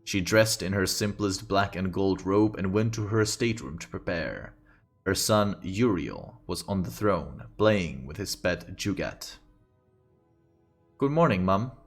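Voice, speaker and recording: Low-voiced male fantasy storyteller. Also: animated, measured pace, faint music behind. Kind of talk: reading a fantasy story aloud on a stream.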